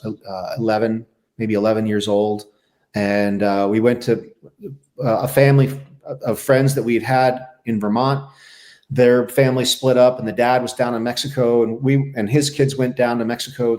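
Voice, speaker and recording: A middle-aged man and former Navy SEAL, a podcast guest telling his life story in a candid, halting, reflective way. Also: medium pitch, darkish tone. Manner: reflective, halting, with many restarts.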